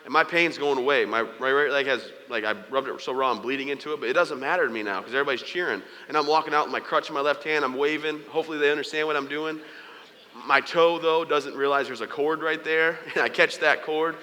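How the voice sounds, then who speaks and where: A man speaks to a large audience, spinning personal stories into jokes and teasing the crowd. His voice is bright and forward, and the sound carries the long echo of a big hall. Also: on the high side, fast talker. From United States. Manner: joking storyteller, playful asides to the audience. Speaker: keynote speaker. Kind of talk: humorous motivational speech.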